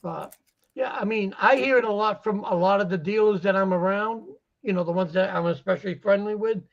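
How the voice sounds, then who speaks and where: A man's voice: sits high, a little fast, creaky. A man chatting casually about dealing posters, rambling and acting out the conversations he quotes. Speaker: guest poster dealer. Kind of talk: casual chat. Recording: muffled lo-fi audio.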